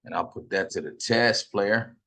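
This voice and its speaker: A man's voice: lowish voice, normal speed, creaky, bright, forceful tone. A middle-aged man from Fresno, California, telling stories casually while smoking, profane, boastful and full of slang. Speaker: host.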